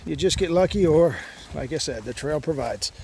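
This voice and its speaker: Guy hiking and vlogging to his camera outdoors, kinda high voice, lots of uhs, loud outdoor noise behind. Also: lively intonation, moderate pace, vocal fry. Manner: rambling and easygoing, many "uh" fillers. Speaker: long-distance hiker vlogger. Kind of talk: casual vlog monologue. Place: outdoors on a mountain hiking trail.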